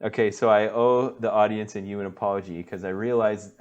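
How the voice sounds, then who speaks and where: A man co-hosting a podcast in casual chat, easygoing and quick to laugh. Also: on the low side, steady tone, darkish tone, highs cut off. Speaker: podcast co-host.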